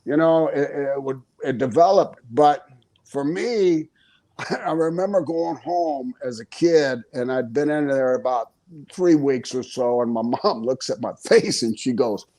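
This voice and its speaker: An older man who is a guest on an interview podcast, telling stories in a casual, animated way, chuckling often and acting out the quoted voices. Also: medium pitch, measured pace. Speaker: interview guest, retired pro wrestler.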